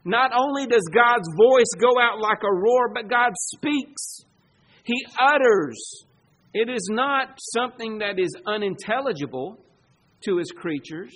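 A man preaching a sermon, emphatic, asking rhetorical questions and swinging between loud declarations and hushed asides. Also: very high voice, expressive, unhurried.

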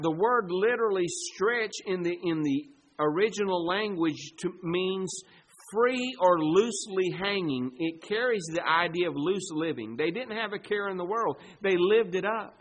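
A man delivers a sermon in a fairly high voice. He swings between loud, emphatic stretches and hushed, low-voiced asides, and he slows right down to draw out words when he reads scripture aloud. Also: animated, rough recording. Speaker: pastor.

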